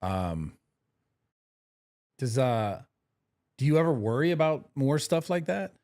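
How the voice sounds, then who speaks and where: A man hosting a podcast, reacting with short, low-key interjections and asking questions in casual chat. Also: very animated, slow pace, darkish tone. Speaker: podcast host. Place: podcast studio.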